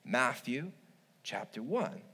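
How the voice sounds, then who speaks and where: A male pastor preaching a sermon, telling stories with humorous asides and lively swings between loud and quiet. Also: mid-range voice, takes it slowly, husky. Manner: humorous, animated storytelling with asides.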